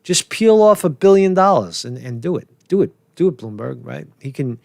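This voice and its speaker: A man's voice: fairly high pitch, very animated, moderate pace, vocal fry, a little mellow, no echo, studio quality. A man rambling through political commentary in a casual vlog, swearing, chuckling and restarting his sentences while he keeps asking "right?".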